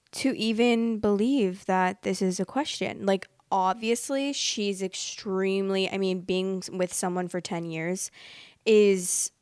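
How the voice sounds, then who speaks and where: A young adult woman hosting a story show, reading stories aloud and breaking off into expressive, exasperated asides. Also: mid-range voice, no echo, clean studio sound. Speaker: host.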